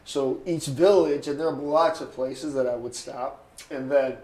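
A man in his sixties telling stories in an oral history interview, lively and anecdotal, often chuckling. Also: mid-range voice, a little slow, echoey room, poor audio. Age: 60s. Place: interview booth.

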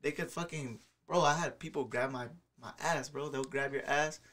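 A man's voice: medium pitch, normal speed, a bit bright. A man talking casually on a podcast about playing soccer, slangy and profane with lots of filler words. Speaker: podcast guest, soccer player.

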